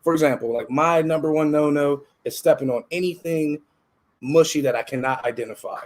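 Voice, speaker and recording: A man hosting a casual podcast interview. He tells lively stories, laughs often and swears freely. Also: fairly high pitch, fairly quick. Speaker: podcast host.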